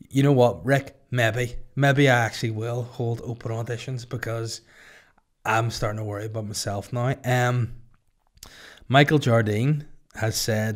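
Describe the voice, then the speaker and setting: A young man with a Northern Irish accent, a comedian hosting a solo podcast and chatting casually with jokey, rambling deadpan asides. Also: mid-range voice, measured pace. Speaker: podcast host and stand-up comedian.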